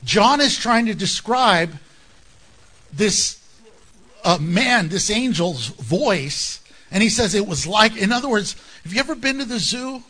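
High, lively-voiced preacher man. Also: a little slow, breathy edge. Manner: animated, conversational preaching with jokes and asides. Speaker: pastor. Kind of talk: sermon.

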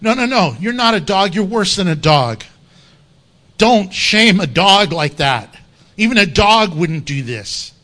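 A man's voice: high-pitched, expressive, unhurried, pushed and bright. A man preaching an expository sermon in an impassioned, emphatic, conversational way.

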